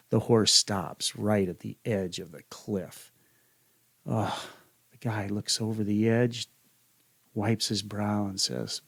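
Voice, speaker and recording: A male radio host telling a joke in a casual, animated way. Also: fairly low pitch, measured pace, dry recording, studio quality. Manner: animated storyteller.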